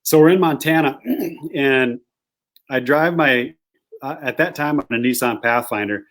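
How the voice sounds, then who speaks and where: A man guest, a hunting guide, telling a rambling, animated anecdote in casual conversation. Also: medium pitch, a little slow. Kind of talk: casual storytelling.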